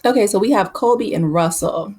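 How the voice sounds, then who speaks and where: A woman's voice: medium pitch, a little fast, a little mellow, breathy edge. A woman hosting a casual, opinionated recap of a reality TV episode, talking in a chatty way full of fillers. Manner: chatty, opinionated, many fillers like "you know". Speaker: YouTube reality TV recap host.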